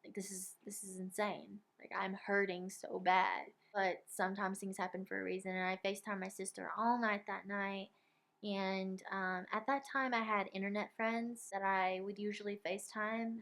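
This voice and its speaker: A young woman telling a personal story to camera in a casual vlog, with lots of filler words and animated retellings. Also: mid-range voice. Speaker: vlogger.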